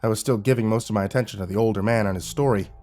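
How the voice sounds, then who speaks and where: A man narrating a horror story in an expressive, wry and dramatic way. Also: lowish voice, racing, soft background music.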